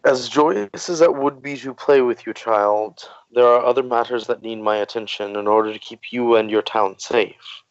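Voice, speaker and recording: A man voicing a dignified male dragon, speaking slowly and formally. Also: medium pitch, no room sound, muffled recording, lightly acted.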